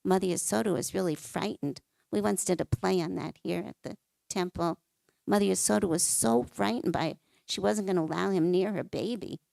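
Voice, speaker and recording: A woman telling devotional stories to a temple class, now and then acting out the characters' lines. Her voice is low and very gravelly, full of fry. The recording is close and completely dry. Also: fairly quick, darkish tone, no echo. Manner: narrates scripture stories, acts out quoted lines.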